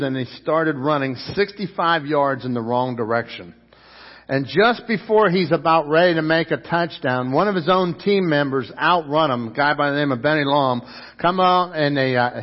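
A man preaching a sermon, telling a story and then urging his listeners, his voice rising and then dropping to a hush. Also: fairly high pitch, in a large hall, dull audio. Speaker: pastor.

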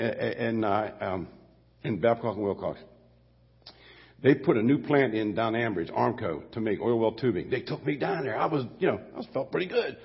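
A man's voice: mid-range voice, slightly rough. An older man preaching a sermon as pastor, folksy and rambling, often correcting himself mid-sentence. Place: church sanctuary. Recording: dull long-reverb church sound.

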